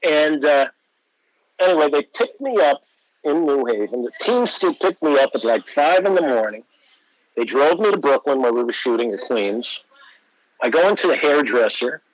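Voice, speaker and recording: Animated man in his sixties, storytelling. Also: fairly high pitch, normal speed, dry recording, highs cut off. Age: 60s. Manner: animated anecdotes, acts out quoted voices. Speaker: actor guest. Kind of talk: storytelling interview.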